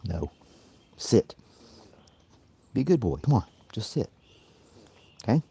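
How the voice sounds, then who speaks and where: Speaking slowly with vocal fry, this man has a fairly low, warm, slightly rough voice with big pitch swings. He's a vlogger and podcast host chatting casually in his backyard as he plays with his dog, chuckling and giving playful commands.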